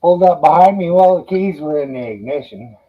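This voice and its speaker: A man's voice: on the high side, expressive, quick pace. A man telling rambling anecdotes in a casual livestream chat. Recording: dull lo-fi audio.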